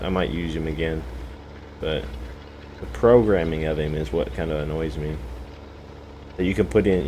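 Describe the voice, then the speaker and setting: Deep-voiced male streamer, loose and rambling, self-mocking humour. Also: a little mellow, slight background noise, rough recording. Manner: joking, self-mocking, many "you know" fillers. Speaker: game streamer. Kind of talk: rambling live-stream chat. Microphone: desk microphone, no camera.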